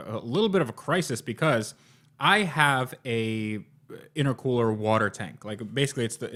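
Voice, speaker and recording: A man's voice: medium pitch, a bit bright. Rambling jokey podcast host man. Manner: rambling, jokey, lots of fillers and restarts. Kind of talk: casual car podcast chat.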